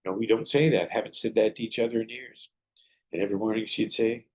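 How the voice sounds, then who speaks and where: Male podcast host, husky and low-voiced, earnest storyteller with preacherly advice. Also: steady tone, quick pace, darkish tone. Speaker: podcast host and martial arts teacher. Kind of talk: motivational podcast monologue.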